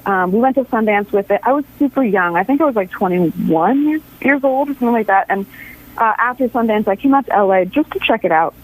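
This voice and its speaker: A woman's voice: mid-range voice, poor audio. A woman in her thirties from New York City, an actress chatting as a radio interview guest, laughing often and restarting her sentences. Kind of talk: casual interview chat.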